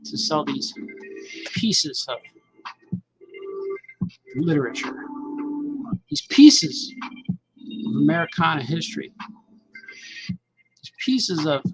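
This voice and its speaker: A man's voice: fairly high pitch, slow, gravelly, long pauses, a bit bright, soft background music, poor audio. A man rambling and joking to himself while drawing, calling everyone "man". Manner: talks to himself, musing and joking, says "man" often. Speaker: cartoonist drawing on camera.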